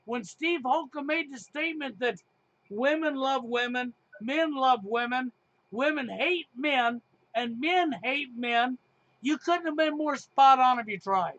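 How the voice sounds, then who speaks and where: A man's voice: very high-pitched, measured pace, a bit bright, dry recording, dull audio. A middle-aged man hosting a talk show, speaking emphatically and sarcastically with frequent swearing. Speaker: podcast host. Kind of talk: heated casual talk show chat.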